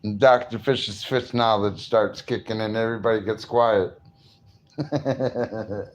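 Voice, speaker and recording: A man's voice: on the low side, fairly even intonation, a little slow, pauses often, a little hiss or hum. A man vlogging in a casual, rambling monologue, boastful and crude, often breaking into laughter.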